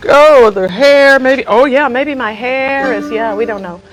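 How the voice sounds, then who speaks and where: A woman's voice: high voice, a little slow, faint music behind, low-quality recording. A woman hosting a comedy talk show, playfully bossing around her audience. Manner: bossy, playful scolding. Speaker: host. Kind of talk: comic talk show banter.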